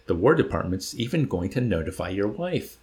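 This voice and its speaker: A man voicing a young enlisted army orderly who speaks in a flat, matter-of-fact way. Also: lowish voice, fairly quick. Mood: deadpan.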